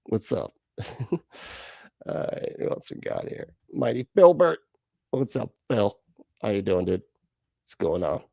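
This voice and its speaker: A man's voice: on the low side, creaky, mellow, no room sound. A man hosting a live reaction stream, rambling and joking at himself and laughing often. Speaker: reaction channel host. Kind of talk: casual live-stream chat.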